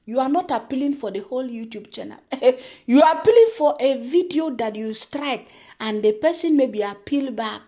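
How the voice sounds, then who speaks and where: A woman's voice: high-pitched, animated, moderate pace, mellow. A young woman vlogger ranting sarcastically, scolding and laughing often as she reacts. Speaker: YouTube commentary vlogger. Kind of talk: mocking reaction rant.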